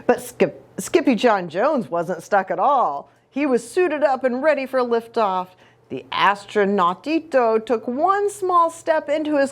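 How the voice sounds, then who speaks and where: A woman pastor reading a picture book aloud to children in an animated, expressive way, with playful asides. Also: on the high side, measured pace.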